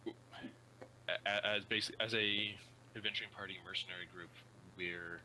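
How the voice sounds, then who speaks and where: A man taking part in a tabletop role-playing session, speaking haltingly with many fillers and restarts. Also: deep voice, steady tone, pushed and bright, a little hiss or hum, low-quality recording. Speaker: player. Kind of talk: tabletop role-play chat.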